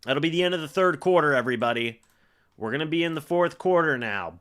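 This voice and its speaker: A young man hosting a live stream, reacting to a football game and calling plays in an excitable way, full of fillers. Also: a little high, fast talker, smooth. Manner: excitable play-by-play with frequent fillers.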